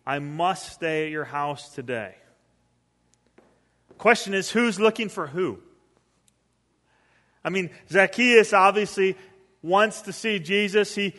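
A middle-aged man preaching in a hall with a long echo. His voice sits a bit high for a man. He tells stories, acts out quotes, and swings from near-whispers to loud bursts. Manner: storytelling with acted quotes, animated swings in volume. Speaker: pastor. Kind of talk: sermon.

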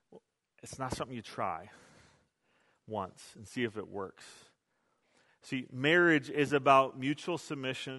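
Bright-voiced pastor in an echoey hall. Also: male voice, mid-range voice. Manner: conversational, self-deprecating storytelling. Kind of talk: sermon.

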